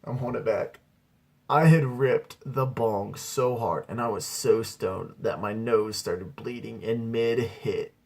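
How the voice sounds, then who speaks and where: A man's voice: mid-range voice, slow, vocal fry, a little mellow. A young man telling a comic story to camera in a laid-back, slangy way, full of swearing and acted-out quotes. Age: young adult. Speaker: aspiring comedian.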